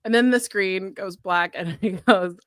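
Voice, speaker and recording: A woman co-hosting a podcast, recapping a show in casual chat, full of "like" and quick laughs. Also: medium pitch, dry recording, clean studio sound. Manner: chatty, heavy use of "like", laughs often.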